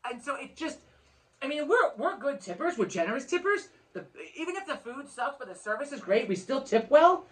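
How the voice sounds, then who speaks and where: A woman's voice: sits high, very animated, fairly quick. A woman co-hosting a podcast, telling a long story in casual chat, frank and swearing freely with many restarts. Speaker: podcast co-host.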